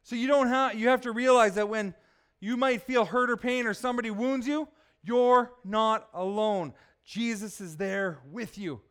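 High-pitched guy preaching in church, pretty emphatic, keeps asking the crowd stuff. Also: normal speed, a bit bright, smooth. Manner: emphatic, asks the congregation questions. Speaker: pastor. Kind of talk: sermon.

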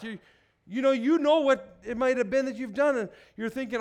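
A high-voiced man preaching into a microphone in a church hall. He is energetic and jokes with the congregation, tossing them questions. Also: brisk. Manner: energetic, joking, asks the crowd questions. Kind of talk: sermon.

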